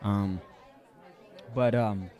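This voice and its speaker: An American man co-hosting a podcast, rambling deadpan through an improvised comedy date with lots of fillers. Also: fairly low pitch, very slow, some chatter behind. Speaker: podcast co-host.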